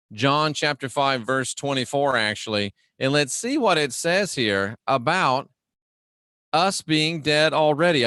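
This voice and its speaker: Brief: man hosting a live Bible talk, mid-pitched, dry close sound, casual but emphatic. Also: bright, forceful tone, dry recording. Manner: conversational and emphatic, slows and raises voice for key phrases; greets viewers and talks to himself while navigating a website. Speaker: livestream host teaching scripture. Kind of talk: casual livestream Bible teaching.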